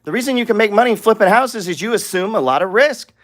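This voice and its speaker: A man's voice: high-pitched, animated, quick pace, a bit bright. A man teaching a live trading lesson over charts, blunt and profane, firing off rhetorical questions.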